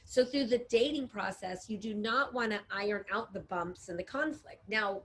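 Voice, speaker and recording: A woman relationship coach co-hosting a casual chat, animated and quick to laugh. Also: mid-range voice. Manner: animated, laughs often, acts out clients' voices. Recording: faint background noise.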